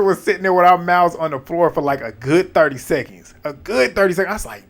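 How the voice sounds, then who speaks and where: A man recapping a reality show episode in casual, animated, profane talk, laughing and acting out his own reactions. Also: a little high, fast, gravelly, hardly any pauses.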